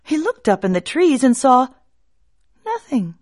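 A woman telling a folk tale in an expressive, drawn-out way, hushing at tense moments. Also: high voice. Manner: expressive, drawn-out, hushed at suspense. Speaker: storyteller.

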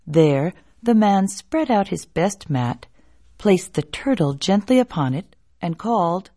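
A woman telling a folk tale in an expressive, drawn-out way, hushing at tense moments. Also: on the low side. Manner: expressive, drawn-out, hushed at suspense. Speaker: storyteller.

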